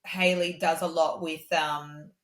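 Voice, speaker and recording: A woman's voice: slow pace, roomy sound. An Australian woman, a singer-songwriter, telling stories in a casual podcast interview, with lots of "um" and "like" fillers. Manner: animated, acts out others' lines in a much higher voice; many "um" and "like" fillers.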